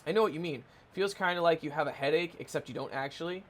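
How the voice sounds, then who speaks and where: A man's voice: on the high side, quick pace, fairly bright tone. A man voicing a chatty game character who patiently explains a strange machine. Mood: explaining.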